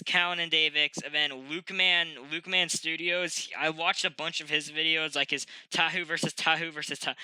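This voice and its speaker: A young man with a stuffy nose talks casually into a desk mic, hosting his review show. His voice is very bright and crisp, set a little high. He rambles, restarts sentences and fills gaps with ums. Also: no room sound, poor audio. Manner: rambling, frequent ums and self-corrections. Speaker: host of a review channel. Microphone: desk microphone.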